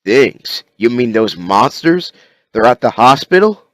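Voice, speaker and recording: A man voicing a frightened grown man who wakes into disaster, yelping and shouting in panic. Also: medium pitch, very animated, measured pace, no room sound, voice pushed up. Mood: confused.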